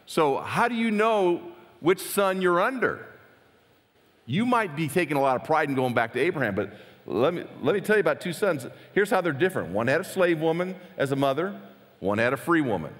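Animated man preaching in a reverberant hall. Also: fairly high pitch, brisk. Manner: animated, conversational preaching with acted-out quotes. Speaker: pastor. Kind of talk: sermon.

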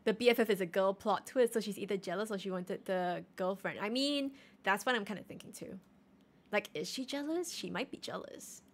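A woman in her late twenties chatting casually on a live stream while she plays, animated, joking and self-mocking. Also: medium pitch, a little fast. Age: late 20s. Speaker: game streamer.

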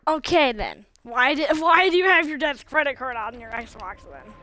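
A woman's voice: sits high, lively intonation, moderate pace, bright, forceful tone. A woman streaming a video game, chatting casually and coaxing, repeating herself a lot. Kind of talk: casual live-stream chatter while playing.

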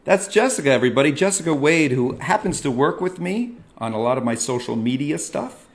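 A middle-aged man hosting a comic monologue, ranting and self-mocking with sudden loud yells. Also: fairly high pitch, lively intonation, a little fast. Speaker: comedian host.

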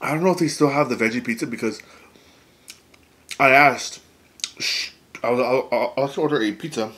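A man hosting a mukbang, chatting excitedly to viewers while eating. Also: mid-range voice, fairly quick. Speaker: mukbang host. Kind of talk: casual eating vlog.

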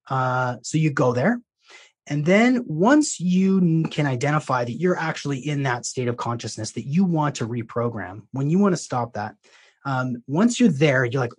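A life coach appears as a podcast guest, his medium-pitched voice slightly rough. He tells a long story in a loose, rambling, conversational way, restarting frequently.

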